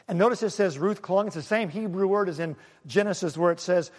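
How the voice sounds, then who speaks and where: A man preaching a sermon, swinging between loud and hushed and asking the congregation questions. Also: high voice, brisk, long reverb tail. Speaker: pastor.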